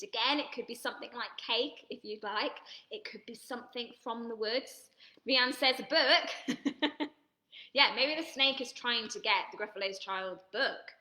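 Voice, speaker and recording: A woman's voice: fairly high pitch, sharp tone, echoey room. A woman leading an online drama workshop for children, cheerful and reading out viewers' comments, laughing and gasping often.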